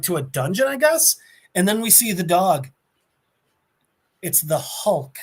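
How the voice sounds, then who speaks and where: Animated man retelling a comic. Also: a little high. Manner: animated storyteller, slips into voices. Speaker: podcast co-host. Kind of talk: casual comic-book recap.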